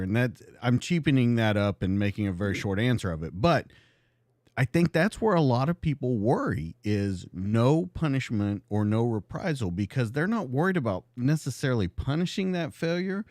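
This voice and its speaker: A man's voice: mid-range voice, expressive, moderate pace, a little mellow, dry recording, studio quality. A man hosting a live podcast, asking long, winding questions of his guest. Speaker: podcast host.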